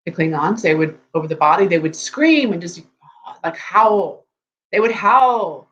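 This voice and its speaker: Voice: medium pitch, lively intonation, unhurried, a bit bright. A dating coach giving chatty, rambling advice on a live stream, often checking in with the viewers. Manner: chatty, rambling, keeps checking in with "okay?" and "right?". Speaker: dating coach for tech men. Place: room with geek collectibles behind. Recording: dull lo-fi sound with faint hum.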